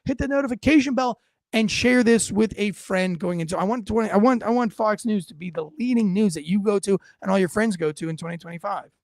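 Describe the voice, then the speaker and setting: Brash high-voiced gravelly male commentator. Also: fairly quick, darkish tone, no echo, clean studio sound. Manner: brash and conversational, drops crude slang and asides. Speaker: host of an online news commentary show. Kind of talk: casual political commentary.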